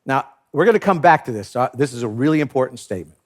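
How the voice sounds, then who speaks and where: A man preaching a sermon in an animated way, laughing often and acting out the disciples in comic voices. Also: mid-range voice, racing. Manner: animated, acts out biblical characters with comic voices. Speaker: pastor.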